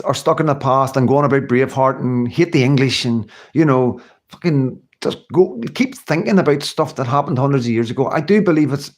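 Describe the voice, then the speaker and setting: A middle-aged man with a Scottish accent talks on his own livestream in a loose, rambling way, full of fillers and restarts. He answers viewer comments casually, often laughing mid-thought, at an ordinary mid pitch for a man. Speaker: livestream host.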